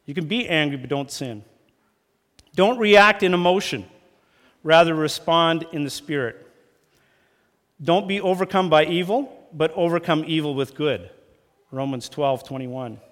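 A man preaching a sermon as pastor, talking lively and acting out quarrels in raised voices. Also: fairly high pitch, measured pace, pauses often. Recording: long church hall reverb.

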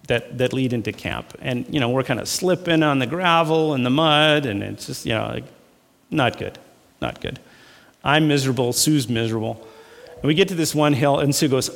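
Emphatic preacher in a reverberant hall. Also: male voice, a little high, vocal fry. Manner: emphatic, repeats phrases for effect; folksy storytelling with fillers and laughs. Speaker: pastor. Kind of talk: sermon.

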